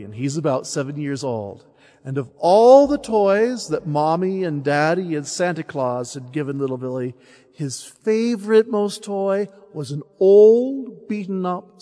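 A man preaching a mission sermon who tells a story in an animated way and acts out its characters. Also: a little high, in a large hall.

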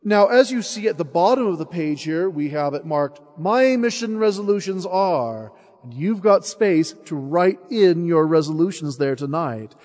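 A man preaching a mission sermon who tells a story in an animated way and acts out its characters. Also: on the high side, moderate pace, few pauses, big-room sound.

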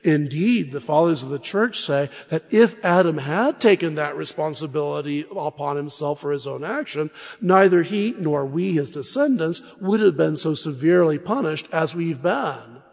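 A man preaching a sermon at a parish mission, telling Bible stories in a lively, humorous way. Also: fairly high pitch, moderate pace, creaky, hardly any pauses, big-room sound. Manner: animated storytelling with humor.

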